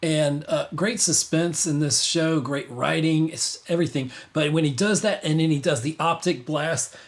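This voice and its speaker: A man's voice: on the high side, moderate pace, slight background noise. A man hosting a casual livestream podcast, rambling with many restarts and fillers. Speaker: podcast host.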